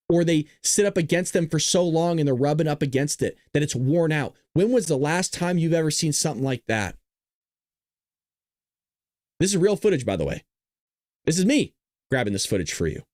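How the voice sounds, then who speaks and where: A man's voice: a little high, a little mellow, no room sound, studio quality. Rambling podcast host, a man with a raised voice. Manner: rambling, talks straight to viewers. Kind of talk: casual commentary over video clips.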